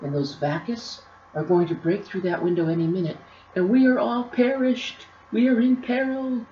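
Lady doing a high panicky drama-queen muse, little creature, kinda dull sound. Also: fairly even intonation, moderate pace, a little hiss or hum, natural voice. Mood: panicked. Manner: melodramatic, exclaiming. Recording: roomy, slightly dull recording.

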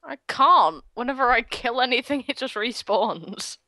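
A woman chats casually while gaming with a friend, teasing and giggling. Her bright voice is animated and lively in pitch. The recording is dry, with no room sound. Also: measured pace, dry recording. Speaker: co-player. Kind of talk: casual let's-play chat.

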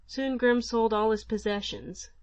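A woman narrating an old folk tale for an audiobook in a measured, even manner. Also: fairly high pitch, no room sound.

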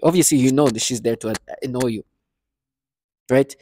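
A man's voice: medium pitch, moderate pace, mellow. A man ranting in a vlog monologue, agitated and scornful, repeating himself often. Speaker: vlogger.

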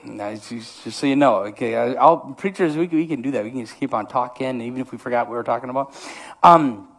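A man's voice: medium pitch, a little fast, a bit bright. A man with an Upper Midwest American accent preaching a comedic sermon, self-mocking and rambling with many restarts. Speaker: pastor. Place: church sanctuary.

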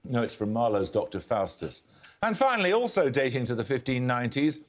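A man hosting a televised quiz show, reading questions and introductions in a crisp, precise manner with dry wit. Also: mid-range voice, big pitch swings, fairly quick. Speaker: quizmaster.

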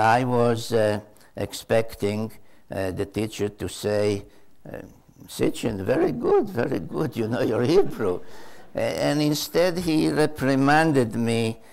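A man's voice: on the low side, creaky, a little mellow. An older male author giving an unscripted storytelling answer to a question, hesitant and full of uh fillers and repeated words.

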